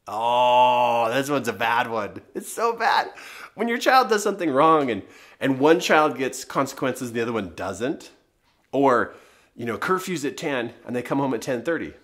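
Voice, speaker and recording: A middle-aged man coaches parents in an emphatic, motivational teaching talk. His pitch swings widely from low to high as he presses his points with rhetorical questions. The voice sits at an ordinary middle height. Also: a bit bright.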